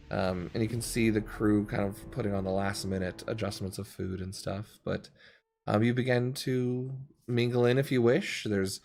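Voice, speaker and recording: A man narrating as game master in a tabletop game, relaxed and laid-back, with frequent ums. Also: lowish voice, gravelly, slight background noise. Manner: relaxed, many ums, laughs easily.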